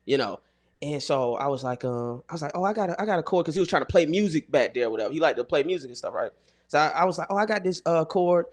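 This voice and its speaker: A man hosting a podcast, telling comedic stories in an animated way, with his voice jumping up when he gets excited. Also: on the high side, fast talker. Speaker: podcast host. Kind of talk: casual comedic storytelling.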